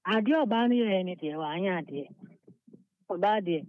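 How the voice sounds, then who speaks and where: A man's voice: sits high, expressive, normal speed, no echo, phone-quality sound. A Ghanaian man calling a radio show, rambling on at length and repeating his words. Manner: long rambling talk mixing Twi with Pidgin, repeating words. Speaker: caller. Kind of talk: call-in radio chat.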